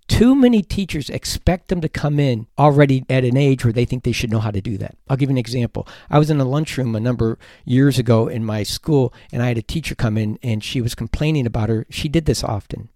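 A man's voice: medium pitch, brisk, warm tone, no echo, clean studio sound. A man, a teacher hosting an advice podcast, talking earnestly and emphatically, at times heated.

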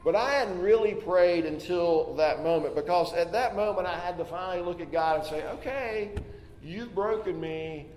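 A man delivers a sermon in a conversational tone, voicing his listeners' objections and tripping over his own restarts. His voice sits a little high for a man. The sound carries the long, roomy reverb of a church hall, with faint ambience underneath. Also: brisk, few pauses, darkish tone, slight background noise. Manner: conversational, plays out listeners' doubts aloud with repeated restarts. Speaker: pastor. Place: church sanctuary.

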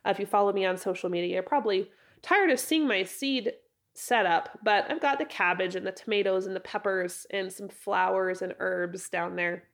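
A woman hosting a casual solo podcast, hoarse and raspy from a head cold, chatting and rambling in a friendly way. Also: medium pitch, normal speed. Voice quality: raspy, froggy. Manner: chatty, rambling, self-correcting with laughs. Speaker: podcast host.

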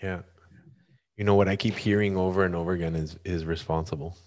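A man's voice: deep voice, fairly even intonation, fairly quick, darkish tone. A man hosting a conversation, reflecting back on his guest's story in an affirming, thoughtful way.

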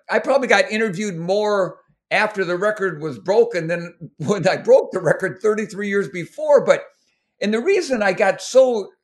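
A middle-aged man from Minnesota, telling race stories in an interview, rambling with many restarts and getting emotional. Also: high-pitched. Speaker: guest, former marathon runner. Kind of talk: storytelling interview.

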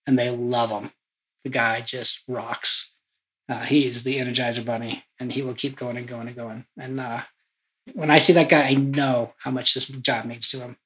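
Snowboard school person telling a funny story, mid pitch, lively. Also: low-quality recording. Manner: lively anecdotal, laughing asides. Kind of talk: casual interview chat.

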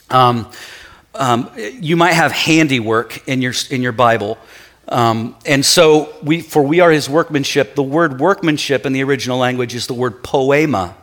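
A middle-aged male pastor preaching a sermon in church, telling stories with acted-out quotes and then easing into quieter, earnest preaching. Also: mid-range voice.

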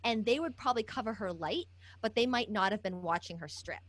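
A woman who works as a nurse, telling a lively work story in casual chat and laughing often. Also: mid-range voice, fairly quick, dry recording.

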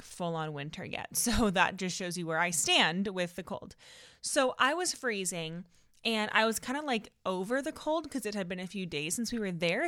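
A young woman with a Californian Valley girl accent hosts a casual solo podcast, telling a story in a bubbly, dramatic way, laughing often and saying "like" a lot. Her voice is medium-pitched, smooth, and a bit bright. The recording is dry, with clean studio sound.

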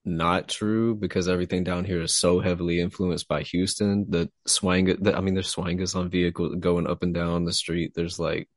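A man's voice: deep voice, flat delivery, moderate pace, few pauses, dry recording, clean studio sound. A man from Texas, a writer talking loosely and profanely as a guest in a casual interview. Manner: loose and profane, laughing easily.

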